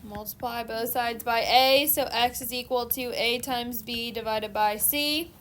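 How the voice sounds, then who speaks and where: A woman math teacher explains each step of a problem in a steady, methodical classroom lecture. Her voice sits a little high, with a faint hiss in the background. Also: measured pace.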